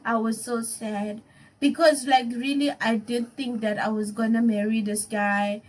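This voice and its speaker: A young woman with a South African accent recounts a personal story to her viewers. Her voice sits high, and she tells it in an animated, emotional way, breaking into laughter often. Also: unhurried, rough recording. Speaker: YouTuber. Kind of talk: casual storytime vlog.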